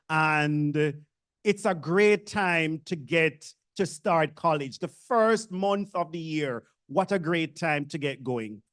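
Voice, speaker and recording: With a mid-range, slightly bright voice, a speaker with a Jamaican accent delivers a laid-back orientation speech to new university students. They tease the listeners, crack self-deprecating jokes, and keep chatting with the audience.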